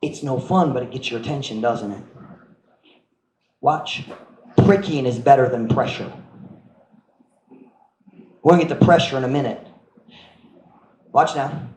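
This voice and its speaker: Animated man preaching in an echoey church. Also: mid-range voice, unhurried, pauses often. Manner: animated, acts out voices and sound effects, mixes in Cebuano. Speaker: pastor. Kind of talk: sermon. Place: church sanctuary. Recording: echoey church room with faint noise.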